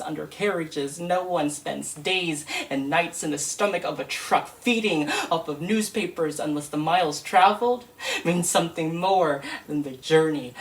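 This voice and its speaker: A woman reciting a spoken word poem in a slow, measured and emphatic way. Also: sits low, distant mic. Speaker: poetry reader.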